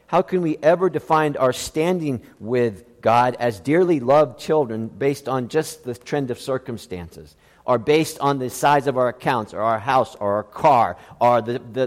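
A man's voice: medium pitch, big-room sound. A man preaching a sermon as a pastor, emphatic, with many rhetorical questions.

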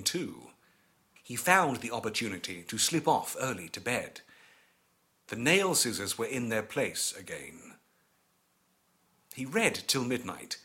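A man narrating an eerie story as an audiobook, with measured and expressive storytelling. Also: medium pitch.

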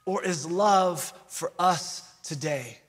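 A man's voice: a little high, takes it slowly, breathy edge, in a large hall. A man preaching a sermon, earnest, with rhetorical questions and repeated phrases. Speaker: pastor.

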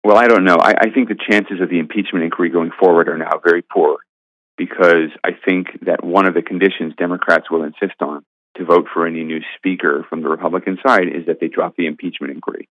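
A man's voice: low-pitched, fairly even intonation, fast, fairly bright tone, dry recording. A man, a senior editor, giving emphatic, argumentative political commentary in an interview. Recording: tinny phone line.

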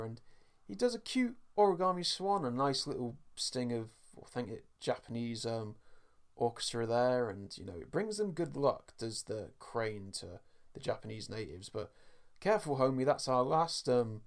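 A man co-hosting a casual podcast, walking through a cartoon episode with gusto. His voice sits at an ordinary middle pitch, and he throws himself into the retelling, acting out bits of the scenes and calling out to the folks listening. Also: moderate pace. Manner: animated storyteller, acts out scenes, addresses folks. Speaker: podcast co-host.

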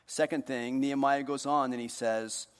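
A man preaching a sermon to his congregation, joking with them and moving between hushed earnest moments and loud, playful ones. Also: mid-range voice, steady tone, moderate pace, big-room sound. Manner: jokey, talks directly to the congregation. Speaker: pastor. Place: church hall.

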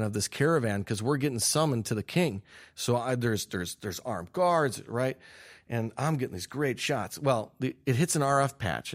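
A young man, a filmmaker guest, telling an animated story with laughs and quick restarts. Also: mid-range voice. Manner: excitable, laughing, restarts mid-sentence.

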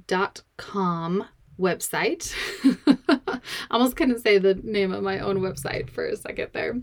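Bubbly, slow-talking woman podcast host. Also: medium pitch. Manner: bubbly, laughs often. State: slightly out of breath. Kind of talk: casual podcast talk.

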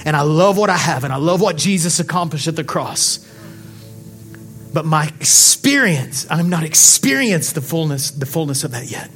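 High-pitched, passionate male preacher. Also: animated, normal speed, faint music behind. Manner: passionate preaching, swings from quiet to shouting; rhetorical questions to the congregation. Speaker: pastor. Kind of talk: sermon. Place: church sanctuary.

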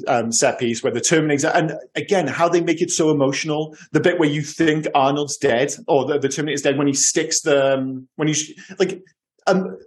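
A man in casual conversation about movies, his voice sitting a little high for a man. He talks with eager energy and slips into quoted film lines. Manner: enthusiastic, acts out lines from films. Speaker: podcast co-host.

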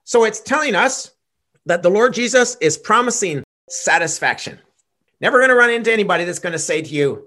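A man's voice: high voice, animated, brisk, pushed and bright. A man preaching a gospel sermon, earnest and emphatic, repeating key phrases for weight.

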